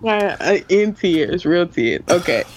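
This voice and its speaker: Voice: medium pitch, animated, slow pace, noisy background. A podcast co-host telling a funny anecdote in casual chat, acting out quoted lines. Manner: tells anecdotes with quoted dialogue, laughs.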